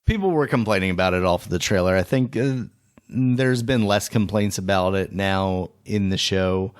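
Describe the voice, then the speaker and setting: Low-voiced, relaxed podcast co-host. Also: male voice, normal speed, clean tone. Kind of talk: casual chat.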